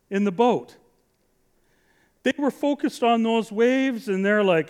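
A man's voice: sits high, animated, slow pace, long pauses, darkish tone, smooth. A middle-aged man preaching a sermon in a chatty way, full of restarts and rhetorical questions. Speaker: pastor.

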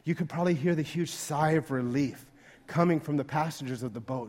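A man's voice: a little high, brisk, a little mellow. A male pastor preaching a sermon in a conversational way, acting out the voices he quotes.

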